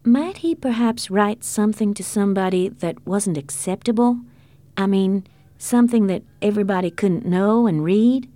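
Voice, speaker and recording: A woman's voice: medium pitch, moderate pace, warm tone, dry recording, natural voice. A woman voicing a frank, trusting young woman. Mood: earnest.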